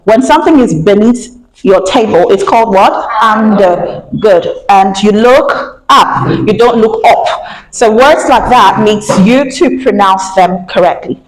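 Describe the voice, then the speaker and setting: A woman teaches pronunciation, having the class repeat words after her in call-and-response and asking quiz questions. Her voice is medium in pitch and sounds reverberant on a low-quality recording.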